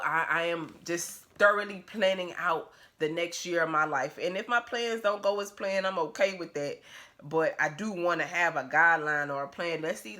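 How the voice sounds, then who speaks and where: A woman's voice: on the low side, bright, forceful tone. A woman talking to her phone camera at home in a casual vlog, blunt, profane and emphatic, laughing often. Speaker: vlogger.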